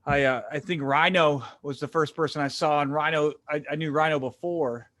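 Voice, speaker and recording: A man from the Detroit area telling lively, stammering stories as an interview guest. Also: on the high side, normal speed, no echo. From Detroit area, USA. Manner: animated, excited, frequent stammered restarts. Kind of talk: casual storytelling.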